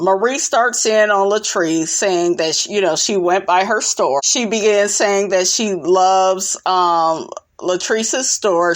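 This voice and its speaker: A woman giving a sassy, blunt, gossipy recap of a reality show, calling the listener "honey" constantly. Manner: animated, swoops in pitch for emphasis.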